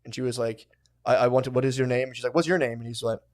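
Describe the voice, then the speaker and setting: A young man telling stories on a casual podcast, in a middle-pitched voice. He talks in an animated, profane way. He breaks into laughter and throws in quick asides. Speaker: podcast co-host.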